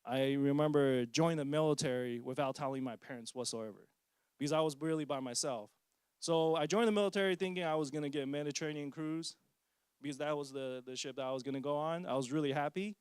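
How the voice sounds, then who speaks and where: A man in his forties gives a casual personal testimony about being a parent, joking and mocking himself as he tells his story. His voice is fairly high and darkish, and he talks at a quick pace. The recording is dry and clean, with studio-quality sound.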